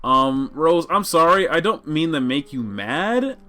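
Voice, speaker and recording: A man's voice: a little high, animated, a little slow, sharp tone. A man voicing a cheerful, earnest teenage girl who sounds eager and a little anxious.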